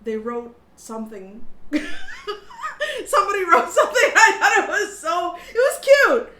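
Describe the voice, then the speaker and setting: A woman's voice: extremely high pitch, sing-song, moderate pace, bright, forceful tone. Giggly chatty woman in an echoey room. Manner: giggly, chatty, many fillers. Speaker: podcast co-host. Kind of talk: casual chat.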